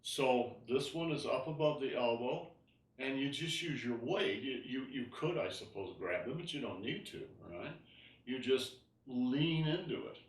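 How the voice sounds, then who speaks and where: A man's voice: mid-range voice, animated, unhurried, echoey room, recorded from a distance. A man teaching an online tai chi class, explaining moves as he demonstrates and often asking "right?".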